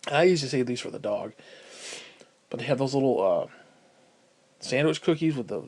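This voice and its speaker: A man with a mid-range, somewhat mellow voice delivers a casual, profanity-laced rant to the camera as a gaming vlogger, rambling and quickly winding himself up.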